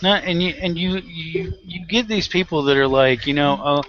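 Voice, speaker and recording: A man's voice: a little high, normal speed, hardly any pauses, a bit bright, dull audio. A man co-hosting a talk show, ranting bluntly about politics with heavy swearing and acted-out dialogues. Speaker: podcast co-host. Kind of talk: profane political rant.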